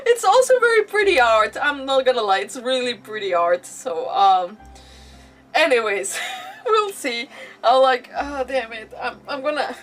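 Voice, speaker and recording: Girl streamer rambling and giggling, kinda far from the mic, soft music in the back. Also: high-pitched, big pitch swings, measured pace. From Mexico. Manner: rambling, giggly, many restarts and fillers. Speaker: gaming streamer. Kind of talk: casual stream chatter while playing. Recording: voice a bit off-mic, faint game music.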